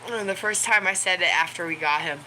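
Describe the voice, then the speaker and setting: A woman's voice: fairly quick, pushed and bright, rough recording. A woman vlogger chatting casually about her pets, rambling with many ums and little laughs. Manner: high baby talk to her pets. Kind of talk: casual chat to camera. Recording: home recording with clear background noise.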